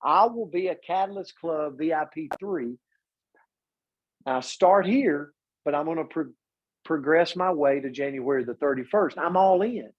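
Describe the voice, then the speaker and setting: A man's voice: fairly high pitch, measured pace, dull audio. A man hosting a business video call, rallying listeners with direct questions.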